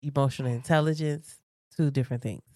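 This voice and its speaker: A woman's voice: very deep voice, steady tone, fast, dark tone, no echo, studio quality. A woman with a cold co-hosting a podcast in casual chat, reproachful and talking over her partner. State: sick with a cold. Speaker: podcast co-host.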